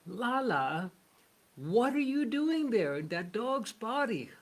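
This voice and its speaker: A gentle wandering saint, told by a male storyteller, speaks calmly. The voice is somewhat high and slow. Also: creaky, exaggerated voice.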